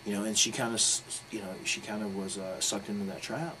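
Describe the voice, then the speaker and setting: This interview guest, a professional wrestler, talks quickly and low as he rambles through a story with blunt, profane candor. Steady noise persists in the background throughout.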